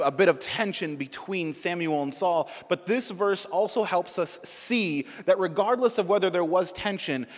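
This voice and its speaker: A man's voice: high-pitched, in a large hall. A male preacher giving Bible teaching, reading scripture aloud and breaking off for casual asides to the listeners.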